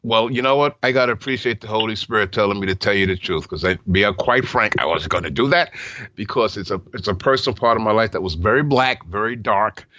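A man's voice: on the low side, fast, bright, forceful tone. A man hosting a Christian call-in radio show, sharing a personal testimony earnestly with stammered restarts. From New York. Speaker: radio talk show host. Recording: muffled broadcast audio.

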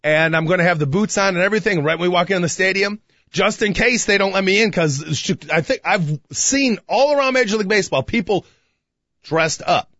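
A man, co-hosting a podcast in a rambling, excitable way, with many restarts and sudden loud bursts. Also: sits high, fairly quick, no echo, dull audio. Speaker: podcast co-host. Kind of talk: casual radio-style chat.

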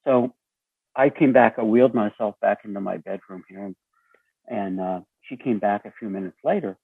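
A man with a raspy voice telling a story as an interview guest, acting out the dialogue with lively shifts. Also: lowish voice, normal speed, dry recording. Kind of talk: storytelling conversation. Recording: tinny phone line.

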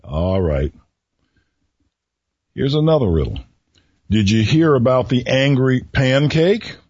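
A male radio host speaks slowly in a husky voice, teasing listeners with riddles in a folksy manner. The recording is dry and somewhat dull, like a small radio studio feed. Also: medium pitch, expressive, a little mellow, no room sound. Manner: slow, folksy, teasing delivery. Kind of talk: solo radio talk with riddles.

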